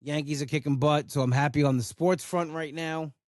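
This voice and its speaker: A man's voice: a little high, steady tone, brisk, no room sound, studio quality. Blunt, swearing man ranting solo. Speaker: podcast host. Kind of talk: casual solo rant.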